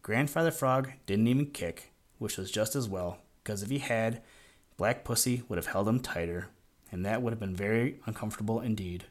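A man narrating a children's audiobook in a measured, gently expressive storytelling manner. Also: lowish voice.

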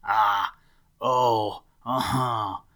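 A man's voice: fairly low pitch, animated, normal speed, sharp tone. A man voicing a small, frightened young male rabbit in a storybook reading, talking timidly and weakly. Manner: timid and breathless.

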